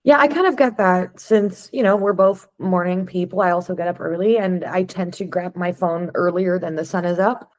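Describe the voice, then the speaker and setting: A woman's voice: on the low side, moderate pace, few pauses. A woman hosting a podcast, asking curious, conversational questions of her guest. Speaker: podcast host. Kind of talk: casual interview chat.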